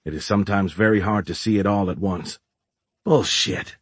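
A man reading the lines of a blunt, scornful woman from the south, who answers with sharp, challenging retorts in a low, husky voice. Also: fairly quick, dry recording.

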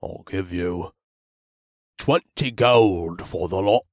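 A man voicing a short, stout, gruff dwarf blacksmith in an audiobook. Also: low voice, slow, darkish tone, dry recording, clean studio sound, pitched below the performer's own voice. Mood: haggling. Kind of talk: audiobook narration.

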